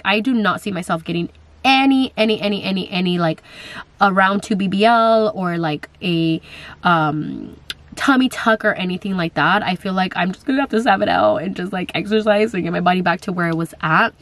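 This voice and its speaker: A woman's voice: medium pitch, fairly bright tone, no room sound. A young woman in casual chat, answering viewer questions on her vlog, talking in a chatty way with lots of fillers and quoted asides.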